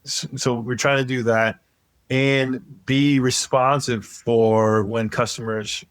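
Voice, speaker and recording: A man's voice: mid-range voice, fairly even intonation, slow, no echo. A man with a Cajun accent, a podcast guest who talks in a plainspoken, practical way. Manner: plainspoken, practical, with frequent "you know". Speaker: guest, tool company founder. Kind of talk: casual interview chat.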